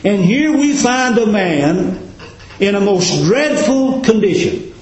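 A male preacher with a high voice that swoops up and down through each phrase, delivering a sermon in plain, folksy speech. He speaks slowly, and the sound rings with heavy room echo. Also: animated, darkish tone. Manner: dramatic preaching cadence, rhetorical questions. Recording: very echoey room.

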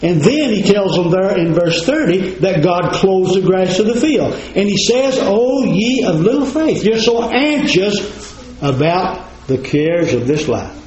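A man's voice: high-pitched, big pitch swings, a little slow, darkish tone, slight background noise. A man preaching a sermon in a folksy, plain-spoken way, talking straight to his congregation. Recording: roomy, slightly dull recording.

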